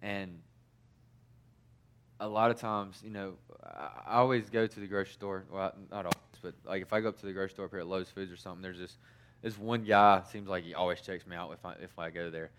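A man's voice: sits low, steady tone, a little fast, a bit bright, smooth. A man preaching a sermon in a casual, conversational way, telling personal stories with many fillers and restarts.

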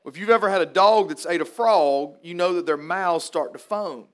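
A man's voice: high-pitched, normal speed. A man preaching at a funeral, telling a folksy story and then turning to earnest preaching. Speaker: pastor.

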